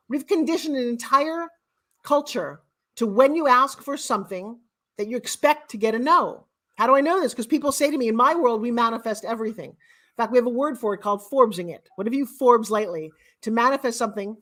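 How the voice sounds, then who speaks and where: A woman's voice: a little high, animated, brisk, fairly bright tone. A woman in her sixties telling motivational stories with emphatic, repetitive phrasing. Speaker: guest author. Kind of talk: motivational storytelling.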